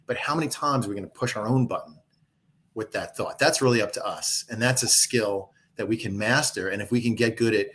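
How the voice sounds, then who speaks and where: A man talking calmly and reflectively about handling emotions, as a guest in a conversational interview from home. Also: lowish voice, a little fast. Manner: calm, reflective, coaching tone.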